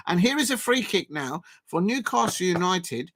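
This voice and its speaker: Excitable man hosting a football stream. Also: a little high, unhurried, hardly any pauses. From South London, England. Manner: excitable, rambling, many fillers and restarts. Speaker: live stream football watchalong host. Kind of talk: casual live commentary and chat reading.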